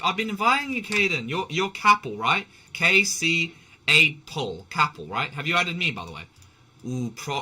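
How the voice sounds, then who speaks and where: Gaming live, a man keeps up casual, rambling stream chat full of restarts, curses and laughter. His mid-range voice sounds pushed and bright.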